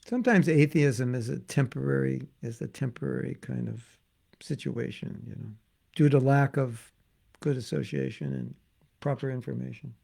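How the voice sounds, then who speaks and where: A man's voice: medium pitch, normal speed, vocal fry, dark tone. An older man giving an informal spiritual class online, joking and reading viewer comments aloud. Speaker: spiritual teacher.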